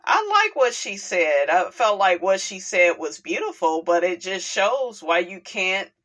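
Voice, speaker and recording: A woman's voice: mid-range voice, animated, a little slow, a bit bright. A woman hosting a casual gossip commentary show. She is chatty and leans on fillers like "you know" and "like I said" while she reads news items aloud and weighs in on them. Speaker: commentary channel host.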